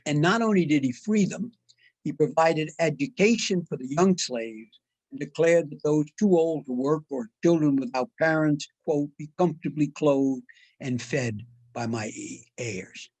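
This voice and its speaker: An older man giving a measured, deliberate history lecture, with frequent "uh" fillers. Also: on the high side, darkish tone, husky, dry recording, poor audio. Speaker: guest lecturer. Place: online talk.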